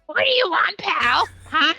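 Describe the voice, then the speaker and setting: A woman voicing a sassy, defiant young woman in a strained high voice. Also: very animated, a little slow, vocal fry, sharp tone, soft background music, heavily acted.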